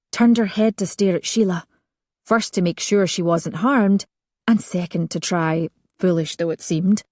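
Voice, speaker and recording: A woman reading a historical romance audiobook in a measured, expressive narration. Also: on the low side, no room sound, studio quality.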